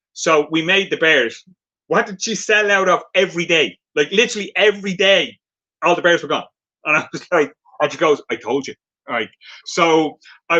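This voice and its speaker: An Irish man in his fifties rambles happily about his work in a casual live-stream chat, with a fairly high, bright, forceful voice. The audio is dull and lo-fi, like a live stream. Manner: rambling and chatty, laughs often. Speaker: craftsman selling his work.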